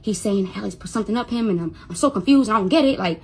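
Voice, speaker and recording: Young adult mother, bright husky voice, emotional storytelling, stammers and repeats, faint music underneath. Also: a little high, animated, fast talker. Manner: stutters and repeats when upset, quotes others. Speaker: mother telling her story. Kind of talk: emotional first-person storytelling.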